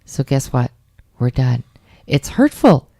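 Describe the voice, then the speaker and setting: A middle-aged woman co-hosting a radio talk show, chatting about dating in an animated, emphatic way. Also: extremely low pitch, slow pace, vocal fry, no room sound, studio quality. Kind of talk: casual chat about dating.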